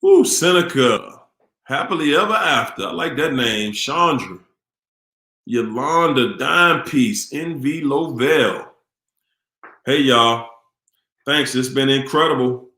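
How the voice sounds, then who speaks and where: A man hosting a live stream in a relaxed, upbeat way, greeting viewers by name as he signs off. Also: medium pitch, slow, long pauses. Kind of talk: casual live-stream sign-off. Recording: echoey room.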